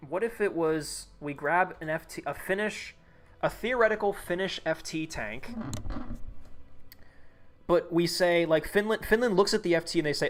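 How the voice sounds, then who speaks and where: A man's voice: on the high side, lively intonation, moderate pace. A young man streaming live, thinking aloud, reading chat and restarting sentences as he goes.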